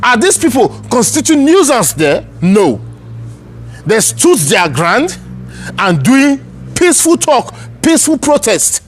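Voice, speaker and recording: A man's voice: very high voice, sing-song, measured pace, faint music behind. A man with a Nigerian accent giving heated, angry political commentary, ranting and repeating himself. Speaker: online news commentator.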